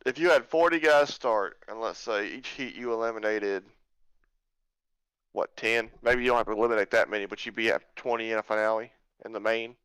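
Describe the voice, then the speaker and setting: Male podcast co-host, rapid joking delivery, crisp close dry sound. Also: on the low side, a bit bright, dry recording, poor audio. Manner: fast, talkative, joking. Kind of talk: casual chat.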